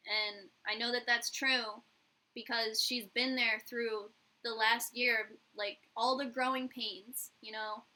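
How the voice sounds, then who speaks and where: A woman's voice: fairly high pitch, steady tone, slow pace, sharp tone, rough recording. A young woman, a YouTuber and hairstylist, telling a candid, profane story in a casual vlog and acting out the dialogue.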